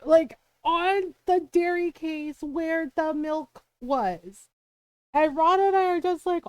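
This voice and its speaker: A woman's voice: very high voice, slow pace, darkish tone, dry recording. A woman livestreamer telling a story in casual chat, full of "like" and "right?", swearing freely when exasperated. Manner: chatty, peppered with "like" and "right?".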